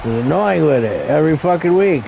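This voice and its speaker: A man's voice: a little high, expressive, a little fast, gravelly, mellow, lo-fi sound, slight background noise. A man calling an amateur wrestling show as commentator, crude and joking, rambling and calling people brother. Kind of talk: profane play-by-play commentary.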